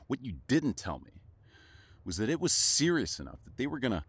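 A man's voice: medium pitch, big pitch swings, breathy edge, dry recording. A man playing a jealous, bitter secret lover. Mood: angry. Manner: swearing, halting, repeats words. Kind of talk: audio role-play addressed to a silent listener.

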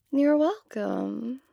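A woman's voice: a little high, gravelly, no echo, highs cut off. A young woman performing an audio role-play to the listener, talking casually and giggly, with lots of "like".

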